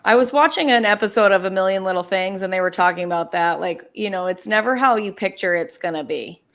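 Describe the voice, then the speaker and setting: A woman's voice: mid-range voice, quick pace, fairly bright tone. A woman co-hosting a podcast, chatting in a supportive, encouraging way. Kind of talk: casual chat.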